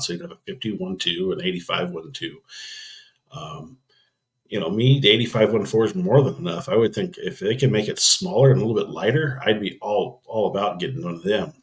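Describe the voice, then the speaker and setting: In a low voice, a man hosts a casual live stream, rambling through camera news and thinking out loud with frequent ums and restarts.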